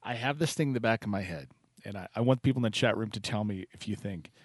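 A man's voice: fairly low pitch, fast, dry recording. A man hosting a poetry open mic call-in show, chatty and welcoming, with frequent fillers.

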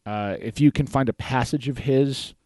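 A man's voice: mid-range voice, moderate pace, a little mellow, no echo. A man hosting a podcast in a casual, rambling way, with plenty of fillers and restarts. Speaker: podcast host. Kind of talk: casual talk-show chat.

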